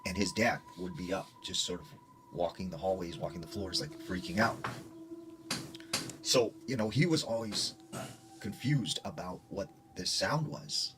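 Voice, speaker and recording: Low-voiced man rambling through a ghost story. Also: unhurried. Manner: rambling, filler-heavy storytelling. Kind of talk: casual spoken ghost story. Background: music.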